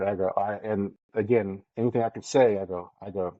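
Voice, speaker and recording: A man on a podcast, casually telling an excited story with plenty of swearing and quoted lines of his own. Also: on the low side, fast, few pauses, no echo, lo-fi sound. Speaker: podcast co-host.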